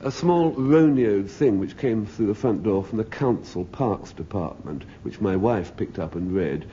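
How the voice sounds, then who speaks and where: A man's voice: lowish voice, expressive, a little slow, dark tone. A middle-aged man telling a wry, droll comic anecdote as a panelist on a radio panel show. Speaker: comedy panelist. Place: radio studio with audience. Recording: dull 1970s radio broadcast with faint hiss.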